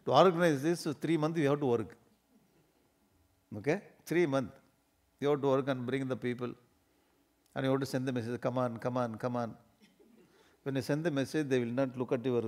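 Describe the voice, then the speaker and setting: A man's voice: medium pitch, a little fast, darkish tone. A man with an Indian English accent giving a spiritual discourse, telling funny everyday stories, laughing often and acting out little scenes.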